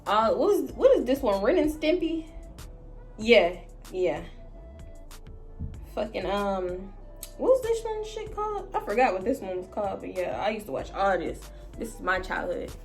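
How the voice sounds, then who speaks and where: A woman's voice: medium pitch, normal speed, pauses often, soft background music. Chatty, profane young woman. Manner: profane, chatty, animated storytelling to viewers. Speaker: vlogger. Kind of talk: casual storytime chat. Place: home, indoors. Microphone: phone camera.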